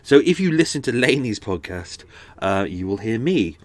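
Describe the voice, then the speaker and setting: A man's voice: medium pitch, big pitch swings, normal speed, dry recording. A man hosting a podcast, chatting in a waffly, rambling way with many restarts, his nose a little blocked up, recorded close to a microphone on a houseboat. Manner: waffly, chatty, self-deprecating, lots of restarts. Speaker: podcast host. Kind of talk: casual rambling chat. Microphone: close studio microphone.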